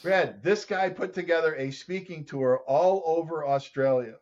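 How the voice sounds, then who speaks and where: A man's voice: on the high side, normal speed. Man telling a story as a podcast guest. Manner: animated storyteller who acts out other people's voices. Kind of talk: storytelling in an interview. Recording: dull lo-fi sound.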